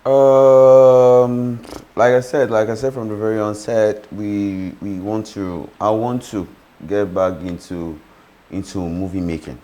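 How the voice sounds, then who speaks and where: Guy being interviewed, really deep voice, stumbles and repeats himself a lot. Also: steady tone, takes it slowly, mellow. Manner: hesitant, repeats himself while thinking. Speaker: guest. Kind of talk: casual interview chat.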